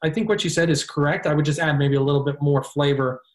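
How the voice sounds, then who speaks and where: A man's voice: on the high side, fairly even intonation. A male guest in a casual political discussion, explaining points steadily, with frequent "you know" and "uh". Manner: measured, explanatory, filler-heavy.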